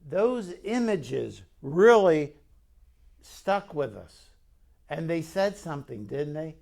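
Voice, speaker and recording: A man's voice: fairly high pitch, sing-song, slow pace, gravelly, a little mellow. A man preaching a conversational sermon as pastor, telling the story and putting questions to the congregation.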